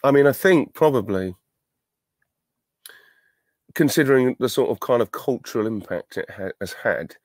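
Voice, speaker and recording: A man's voice: mid-range voice, animated, normal speed, long pauses, darkish tone, dry recording, studio quality. A middle-aged man, an actor, answering fan questions on a virtual panel, chatty and self-deprecating, thinking aloud as he goes.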